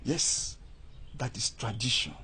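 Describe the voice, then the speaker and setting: An actor playing a measured uncle who speaks firmly of tradition. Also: male voice, mid-range voice, sing-song, bright, forceful tone, slight background noise, heavily acted. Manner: measured, soothing, firm. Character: older uncle, calm keeper of tradition. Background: background music.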